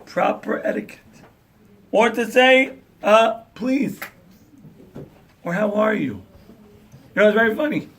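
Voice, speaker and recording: Rabbi lecturing a crowd, higher voice, acts out voices. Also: male voice, slight background noise. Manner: animated storyteller, acts out dialogue, asks the crowd questions. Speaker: rabbi giving a talk on parenting. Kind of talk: lively sermon to an audience.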